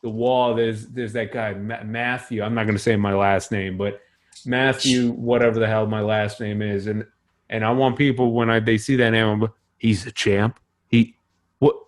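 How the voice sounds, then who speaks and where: A man's voice: fairly low pitch, level tone, moderate pace. A young man co-hosting a podcast in casual chat, rambling with many restarts and fillers. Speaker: podcast co-host.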